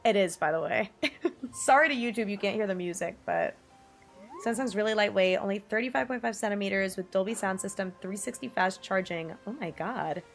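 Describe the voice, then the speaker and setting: A young woman in her twenties streaming, chatting casually with viewers in a bubbly, giggly way, her pitch jumping up often. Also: brisk, creaky. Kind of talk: casual livestream chat reading viewer messages. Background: faint music.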